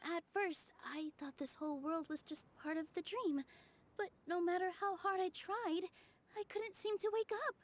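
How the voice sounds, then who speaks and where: A sweet soft-spoken game girl, really high voice, kinda apologetic. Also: normal speed. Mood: gentle. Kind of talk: game cutscene voice acting.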